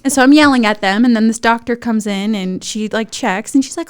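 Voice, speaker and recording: A young woman, a podcast guest telling a funny story in a lively, animated way and acting out other people's voices. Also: brisk, clear, resonant tone. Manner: lively, acts out voices of others in high excited tones. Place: podcast studio.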